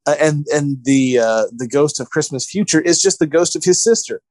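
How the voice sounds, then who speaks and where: A man's voice: on the high side, expressive, normal speed, darkish tone, no room sound. Ranting man with a dry close sound. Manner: exasperated, ranting retelling with mocking quoted voices. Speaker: podcast co-host. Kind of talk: casual podcast chat.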